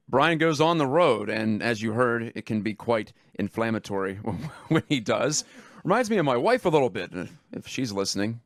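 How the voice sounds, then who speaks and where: A man's voice: lowish voice, no echo, studio quality. A man hosting a radio talk show, rambling in a conversational way and laughing at himself. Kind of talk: casual radio talk monologue. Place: radio studio.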